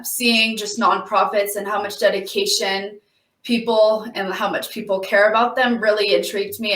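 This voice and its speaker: A woman's voice: medium pitch, fairly bright tone. Earnest young woman, roomy and distant. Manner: earnest, grateful, a little halting. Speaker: intern and guest. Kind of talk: heartfelt personal talk on a community radio show. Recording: roomy, away from the mic.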